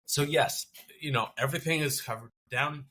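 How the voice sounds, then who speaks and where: A man, a podcast guest, telling a personal story in a halting, conversational way with many restarts and fillers. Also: on the high side, bright, forceful tone, husky.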